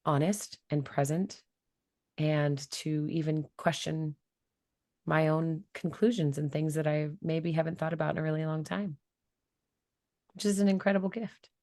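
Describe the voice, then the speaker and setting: A woman hosts a podcast in a very low voice. She talks in a measured, reflective way and sums up what her guest has said. The recording is dry and close, with no room echo. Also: steady tone, darkish tone. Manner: measured, thoughtful, restates the guest's point. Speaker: podcast host. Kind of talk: reflective interview talk.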